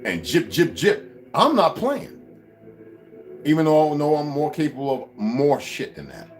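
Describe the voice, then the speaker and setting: Man ranting heatedly, pitch swinging wildly. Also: unhurried, faint music behind. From United States. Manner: heated, swearing, mocking, lively swings in pitch. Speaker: vlogger. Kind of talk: profane ranting monologue.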